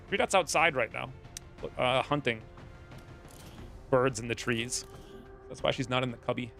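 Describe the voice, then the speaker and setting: Playing a strategy game on stream, a man with a slightly high, fairly bright voice keeps up casual commentary. He rambles and gets distracted, wandering off into stories as he plays.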